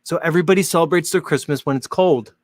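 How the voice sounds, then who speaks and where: A man from the Northern Hemisphere runs his own show and chats with viewers, rambling, joking, and filling gaps with "like." His voice is on the high side and quick. There's no echo.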